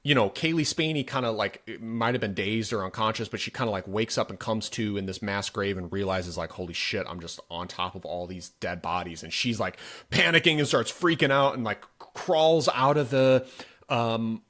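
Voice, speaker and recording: A man's voice: mid-range voice, moderate pace, fairly bright tone. A man co-hosting a podcast, casually recapping a movie scene with blunt, profane emphasis. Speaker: podcast co-host. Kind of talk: casual film review chat.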